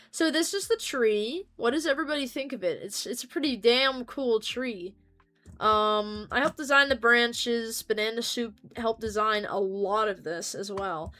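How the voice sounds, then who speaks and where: Woman streamer yapping to chat, bright tone, a bit high, faint music behind. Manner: rambling and playful, jumps between topics. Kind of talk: casual gaming livestream chat.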